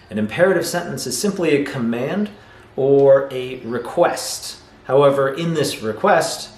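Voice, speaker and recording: A man teaching a video lesson on English grammar, explaining patiently and acting out example sentences. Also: medium pitch. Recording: roomy echo, faint noise.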